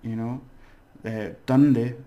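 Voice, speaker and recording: A man's voice: medium pitch, steady tone, extremely slow, dark tone. A man teaching a casual video lesson, rambling and hesitant, with fillers and small jokes. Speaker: language teacher.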